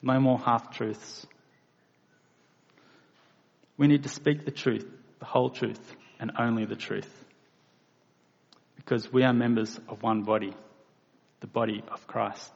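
Slow gravelly male preacher. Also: mid-range voice, darkish tone. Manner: slow, deliberate preaching with emphatic bursts. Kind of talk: sermon. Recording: dull reverberant hall recording.

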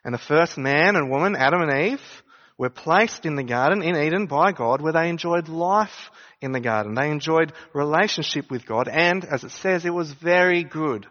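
A man preaching a conversational sermon, pitched a little above most men. His voice rings out in a long church reverb. The sound is somewhat muffled. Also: animated, moderate pace, fairly bright tone. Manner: conversational preaching with rhetorical questions. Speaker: pastor.

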